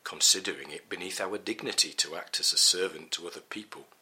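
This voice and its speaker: A middle-aged man gives a scripted Bible teaching in a measured, earnest manner. His voice sits very low, yet its tone is sharply bright and forward. He reads steadily, like a preacher working through a passage.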